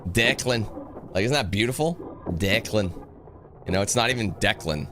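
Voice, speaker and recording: A man's voice: lowish voice, animated, fast, background noise. A man rambling and joking through casual commentary on a horror game he is playing. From North America. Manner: joking, rambling, sings snatches and does mock voices. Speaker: gaming channel host.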